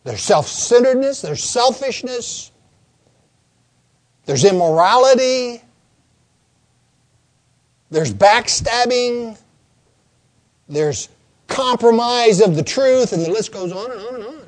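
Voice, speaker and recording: An older man preaching a sermon, telling folksy stories and stressing points through slow, repeated lists. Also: very high-pitched, animated. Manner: folksy storytelling, slow emphatic lists and repetitions. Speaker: pastor.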